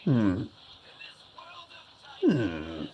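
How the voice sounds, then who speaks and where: A man's voice: lowish voice, huge pitch swings, very slow, dark tone, husky, lo-fi sound, faint music behind. A man hosting a live stream, chatting casually and reading viewer messages aloud.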